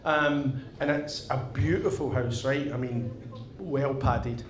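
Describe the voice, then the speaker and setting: On a theatre stage, a middle-aged man with a Northern Irish accent does stand-up in a mid-range voice, taking his time. He tells a long story animatedly, swearing and tagging lines with "right?", and the live venue is echoey with an audience present.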